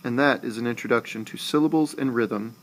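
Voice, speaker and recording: A man teaching a screencast lesson, explaining slowly and patiently and saying syllables aloud with exaggerated stress. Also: medium pitch, slight background noise. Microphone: tablet recording.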